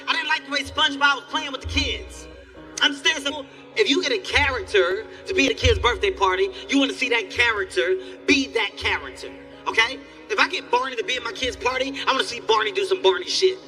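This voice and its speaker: A man doing stand-up comedy on a live stage, telling stories in an animated, profane way. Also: extremely high pitch, fast talker, faint music behind. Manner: animated, loud storytelling with profanity.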